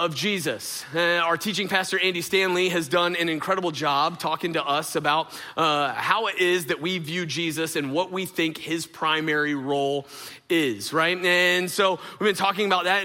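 Bright-voiced middle-aged pastor, echoing hall. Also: male voice, fairly high pitch. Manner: storytelling, filler-heavy, addresses audience directly. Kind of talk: conversational sermon. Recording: long reverb of a large hall.

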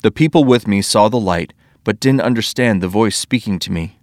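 A man reading scripture aloud in a steady, measured way. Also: lowish voice, dry recording, studio quality. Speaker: scripture reader.

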